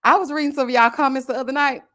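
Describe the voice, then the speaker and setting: A woman hosting a casual live stream, talking about a dating show in a sassy, animated way with frequent laughing asides. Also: sits high, rapid-fire. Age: adult with a child. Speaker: YouTube host reviewing a reality dating show.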